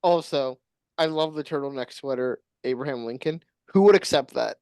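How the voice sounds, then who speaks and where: Podcast co-host, mid-pitched voice, dry close sound, teasing jokes. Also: moderate pace, darkish tone, clean tone, no echo. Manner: teasing, joking asides. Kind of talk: casual chat.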